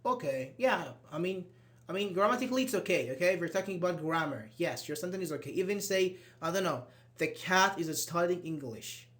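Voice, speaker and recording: A man's voice: high-pitched, animated, a little fast, a bit bright. A man teaching an online English grammar class, explaining step by step and repeating his example sentences.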